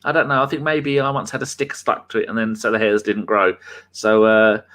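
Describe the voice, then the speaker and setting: A man's voice: fairly low pitch, fairly even intonation, fairly quick, fairly bright tone. A man hosting a podcast in casual chat, full of rambling banter. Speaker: podcast host.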